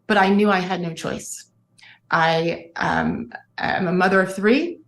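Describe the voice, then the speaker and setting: A woman's voice: fairly low pitch, wildly swooping pitch, measured pace. Earnest woman in an echoey room. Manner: emotional, earnest storytelling. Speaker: guest, former sportscaster. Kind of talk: candid interview.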